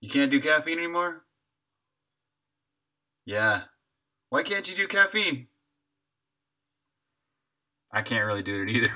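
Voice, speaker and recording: This young man, an indie game developer and streamer, chats casually with viewers on a live stream while working, answering their questions. His medium-pitched voice is animated and sharp, with a measured pace and frequent pauses.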